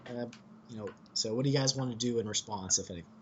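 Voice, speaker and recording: A man's voice: medium pitch, fast, slightly rough, highs cut off. A man narrating as game master in a tabletop game, loose and chatty with fillers.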